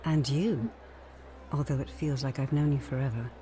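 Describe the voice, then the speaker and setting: A woman voicing a gracious former goddess in a video game, speaking in a measured, formal way with a mysterious softness. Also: extremely low pitch. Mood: warm. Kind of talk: game voice acting. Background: game music.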